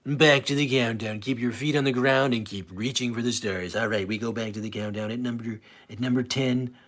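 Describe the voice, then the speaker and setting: A man in his forties imitating a male radio countdown host, going from smooth announcer delivery to loud, profane griping. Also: mid-range voice, steady tone, a little fast, lightly acted.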